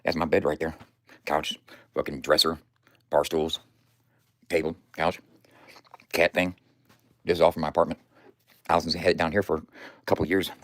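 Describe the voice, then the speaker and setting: A man's voice: very deep voice, flat delivery, moderate pace, long pauses, a bit bright, dry recording, clean studio sound. A man casually chatting on his live stream from home, joking loosely with plenty of profanity. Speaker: livestreamer. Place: indoors at home.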